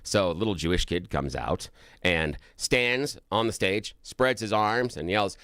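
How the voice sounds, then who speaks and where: A man's voice: low-pitched, unhurried, no room sound. A man co-hosting a talk radio show, chatting casually and telling anecdotes with gusto, from a radio studio microphone. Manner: animated storyteller who laughs at his own anecdotes. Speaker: radio co-host.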